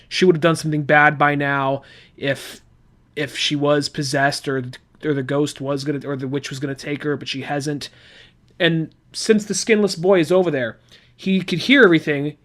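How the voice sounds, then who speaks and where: A man's voice: fairly high pitch, fairly bright tone. A man hosting a podcast, recapping a comic book in a rambling, chatty way with asides. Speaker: podcast host.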